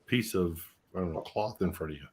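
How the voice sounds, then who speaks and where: A man's voice: deep voice, a little fast, darkish tone, slightly rough. A man in a casual group call, teasing a friend with hesitant phrasing. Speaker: podcast participant.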